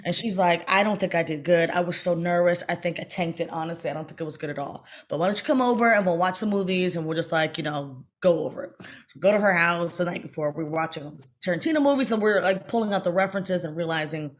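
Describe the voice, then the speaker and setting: With a lowish voice, a middle-aged actress recounts a story in a casual interview. She's lively, speaking rapidly in spurts and acting out the voices she quotes.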